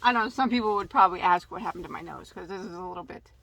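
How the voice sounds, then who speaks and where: A woman's voice: on the low side, very fast, gravelly, fairly bright tone. A woman hosting a casual yarn haul video, chatty and tripping over yarn names. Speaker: crochet channel host.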